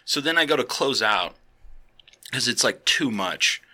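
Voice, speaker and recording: Animated man telling profane stories. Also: mid-range voice, unhurried. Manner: animated, profane, laughing storyteller. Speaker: co-host. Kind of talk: casual storytelling chat.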